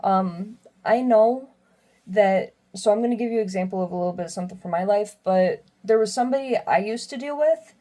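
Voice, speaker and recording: A young woman giving a casual tarot reading, chatty and quick to laugh as she reads the card messages aloud. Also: mid-range voice, warm tone. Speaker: tarot reader.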